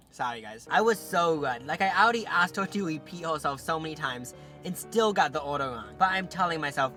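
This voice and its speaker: A young man hosting a casual chat, reading viewer stories aloud with giggly, animated storytelling and lots of fillers. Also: fairly high pitch, moderate pace, faint music behind. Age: young adult.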